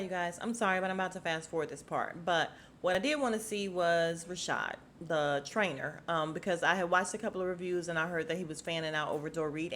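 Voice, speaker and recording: A woman's voice: fairly low pitch, a bit bright, a little hiss or hum. Sassy, blunt woman podcaster. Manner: sassy, blunt, swears freely, acts out quotes with exaggerated voices. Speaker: podcast host reviewing a reality show. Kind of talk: casual recap chat.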